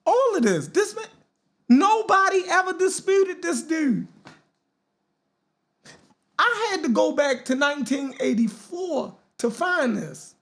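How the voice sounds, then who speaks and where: A man's voice: extremely high pitch, big pitch swings, slow pace, pauses often, a bit bright. A man with a Baltimore accent hosting a podcast in a casual commentary style, who keeps asking his listeners "right?". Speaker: podcast host.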